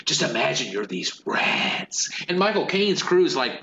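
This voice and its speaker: A man's voice: on the high side, big pitch swings, moderate pace, hardly any pauses, bright, forceful tone, roomy sound, dull audio, slight background noise. A man co-hosting a casual comedic movie discussion, rambling and acting out silly villain voices. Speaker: podcast co-host.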